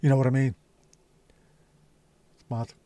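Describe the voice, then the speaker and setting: Scouse male streamer, warm low-key tone, dry close sound, rambling casual chat. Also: little pitch movement, unhurried, no room sound. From Liverpool, England. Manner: chatty, rambling, swears freely. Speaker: livestream host.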